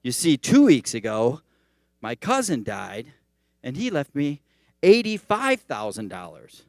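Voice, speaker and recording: A man's voice: medium pitch, wildly swooping pitch, a little slow, a little mellow, no room sound, clean studio sound. A man putting on the voice of a self-pitying man who moans about his fortune. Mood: woeful. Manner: whiny, woeful complaining.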